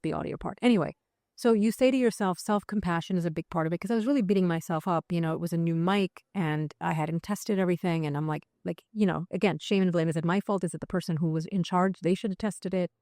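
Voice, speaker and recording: A woman being interviewed, talking in an animated, conversational way with frequent restarts and fillers. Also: fairly low pitch, quick pace, no echo, clean studio sound. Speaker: psychiatrist guest.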